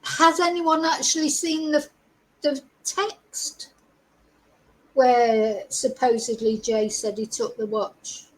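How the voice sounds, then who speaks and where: Middle-aged woman, high voice, unhurried, opinionated livestream host. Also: little pitch movement, rough recording. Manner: opinionated, asks the audience lots of rhetorical questions. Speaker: true crime channel host. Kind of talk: livestream commentary to viewers.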